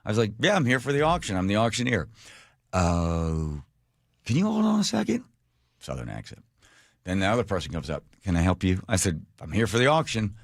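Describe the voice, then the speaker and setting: Animated, self-mocking male radio host. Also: fairly low pitch, fast, no room sound, studio quality. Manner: animated, self-mocking, laughs at his own stories. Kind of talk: casual radio storytelling. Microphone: studio microphone.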